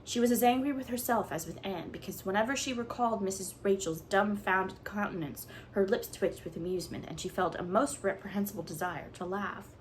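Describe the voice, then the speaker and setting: A woman narrating a classic novel aloud in an expressive, measured reading. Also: mid-range voice, a little hiss or hum, poor audio. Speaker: audiobook reader. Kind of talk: storybook narration.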